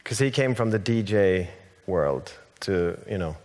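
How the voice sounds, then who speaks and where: A man's voice: low-pitched, expressive, a little slow, a little mellow, in a large hall. A man born in Sweden whose first language is Swedish, a songwriter guest telling a story in a rambling, hesitant way with many restarts. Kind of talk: casual stage interview. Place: large hall on stage.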